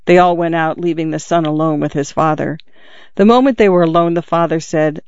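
A man narrating a classic short story in a measured, even storytelling manner. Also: fairly high pitch, clean tone, no room sound, lo-fi sound.

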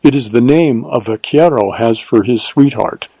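A male narrator giving voice to a devoted frontier ranger in a western audiobook, speaking in a quiet, earnest and steady way. His tone is mellow and warm. The recording is close and dry. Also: mid-range voice, normal speed, vocal fry, husky, no room sound. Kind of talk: audiobook character reading.

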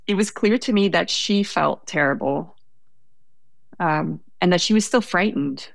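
A woman's voice: fairly low pitch, a little slow, gravelly, dry recording. A young woman telling a story in conversation, hesitant and self-correcting, laughing now and then.

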